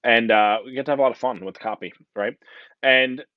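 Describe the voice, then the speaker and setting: A man's voice: mid-range voice, brisk, dry recording, lo-fi sound. A man with a New Jersey accent giving a casual, joking conference talk full of fillers. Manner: chatty, joking, many fillers and "right?". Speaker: conference speaker.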